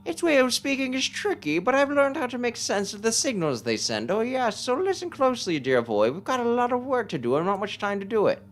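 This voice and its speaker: A man doing a high theatrical mushroom mystic. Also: big pitch swings. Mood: cryptic. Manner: high, drawn-out and sing-song. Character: eccentric old mushroom mystic, cryptic and theatrical.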